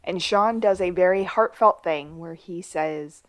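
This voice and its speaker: A woman with a somewhat low voice co-hosts a casual podcast. She recaps a TV episode in relaxed, chatty talk, slipping in dry asides. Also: measured pace. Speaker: podcast co-host.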